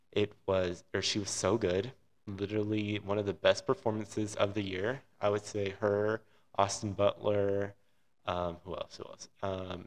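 A man co-hosting a podcast, chatting casually and enthusiastically about a movie he saw. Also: on the low side. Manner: rambling, enthusiastic opinions. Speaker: podcast co-host. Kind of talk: casual film review chat.

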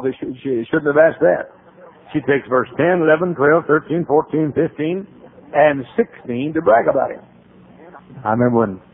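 Gravelly male pastor, folksy sermon storyteller, tinny lo-fi radio sound. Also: mid-range voice. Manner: folksy storytelling with rising preaching emphasis. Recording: tinny phone-like old radio broadcast.

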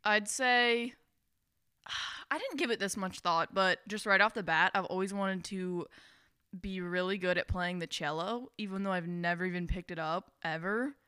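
A young woman co-hosting a podcast, relaxed and offhand, laughing easily. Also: mid-range voice, moderate pace, smooth, no echo, clean studio sound. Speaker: podcast co-host. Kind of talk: casual chat.

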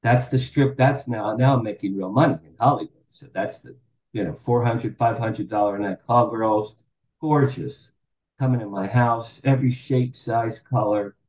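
Man in his sixties, dark and echoey. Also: medium pitch, normal speed. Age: 60s. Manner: animated, acts out quoted dialogue. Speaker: podcast guest. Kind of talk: candid storytelling interview.

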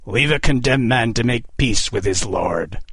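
A man voicing a weary, condemned Scottish pirate captain who rasps in a near whisper with a Scottish accent. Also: medium pitch, lively intonation, measured pace, fairly bright tone, no room sound. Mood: defiant.

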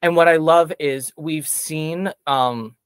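A man's voice: on the high side, takes it slowly, clean tone, dry recording. A man chatting casually as a podcast guest, enthusiastic and rambling with fillers. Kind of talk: casual chat.

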